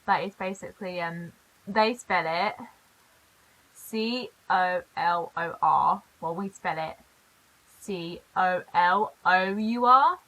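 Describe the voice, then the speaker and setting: A young British woman casually reacting on camera to things she reads aloud, chatting with quick asides. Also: lowish voice, sharp tone, poor audio. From Britain. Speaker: reaction vlogger.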